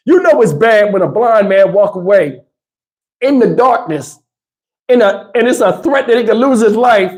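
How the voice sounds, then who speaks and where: A man's voice: sits high, animated, unhurried. Laid-back Southern man telling stories. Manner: loose storytelling, laughs often, mimics movie lines. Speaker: livestream host. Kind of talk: casual live chat reading donations.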